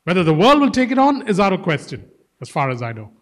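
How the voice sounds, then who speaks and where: A man's voice: sits high, wildly swooping pitch, fast talker, big-room sound. A male preacher giving a sermon, emphatic, repeating key phrases and calling his listeners guys.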